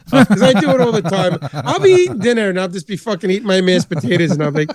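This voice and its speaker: A man hosting a podcast, chatting casually in a rambling, animated way and swearing constantly. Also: high-pitched, quick pace. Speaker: podcast host. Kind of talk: casual chat.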